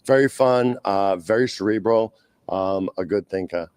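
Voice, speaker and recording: A man with a Boston accent, speaking for a skating club at a press conference, pausing often with "uh" and "um". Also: lowish voice, a little mellow, smooth, no echo. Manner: halting, frequent "uh" and "um".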